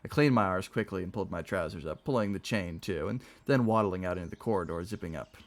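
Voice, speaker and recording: A man reading a novel aloud on a stream, with expressive storytelling delivery. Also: sits low, fast.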